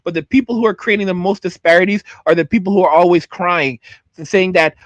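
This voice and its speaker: A man's voice: high-pitched, fast, no echo, muffled recording. A man hosting a livestream, ranting angrily at chat and repeating himself. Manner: angry, heated, repeats himself. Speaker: channel host. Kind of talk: livestream rant reacting to chat.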